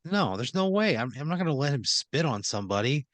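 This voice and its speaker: A man's voice: mid-range voice, sing-song, a little fast, a bit bright, no room sound. A man playing along in an improvised comedy game, answering with exasperated, profane retorts. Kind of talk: casual improv banter.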